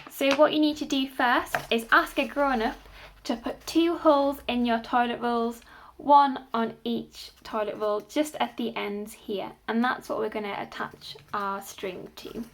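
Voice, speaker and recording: A woman presenting a children's craft activity, explaining each step gently to young children and their carers. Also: fairly high pitch, steady tone, a little slow, background noise.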